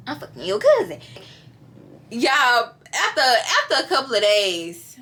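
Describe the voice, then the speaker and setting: A woman in her early twenties telling a personal story to her viewers in a lively, chatty way, often speaking to them directly. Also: lowish voice, slight background noise. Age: early 20s. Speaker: vlogger. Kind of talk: casual storytime.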